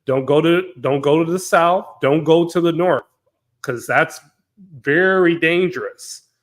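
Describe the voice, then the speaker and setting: A man hosting a live-stream panel discussion, talking in an animated way that often cuts in and repeats words. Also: fairly high pitch, unhurried. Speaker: panel host.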